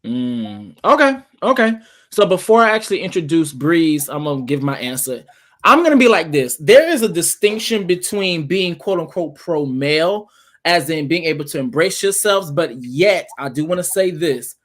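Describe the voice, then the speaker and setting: A man's voice: fairly high pitch, very animated, moderate pace, a bit bright. A man hosting an online panel discussion, talking emphatically and stacking his points in repeated phrases. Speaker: panel host.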